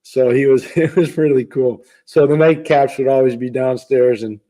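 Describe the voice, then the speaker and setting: Older man with a mellow voice. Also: medium pitch, fairly even intonation. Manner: rambling, halting restarts, musing. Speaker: podcast co-host, hockey analyst. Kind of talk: casual hockey podcast chat.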